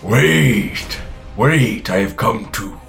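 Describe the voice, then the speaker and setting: A man voicing a deep, scheming old dragon. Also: animated, vocal fry, a bit bright, faint music behind, exaggerated voice. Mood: menacing. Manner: slow, drawn-out menacing speech. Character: ancient scheming male dragon. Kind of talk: game master voicing a monster.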